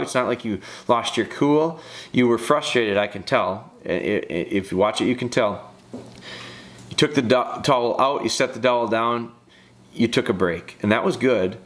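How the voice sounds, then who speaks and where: Breaking down a dog training video, a man addresses the handler directly like a coach and repeats phrases for emphasis. His mid-range voice has a fairly bright tone, and the commentary is casual.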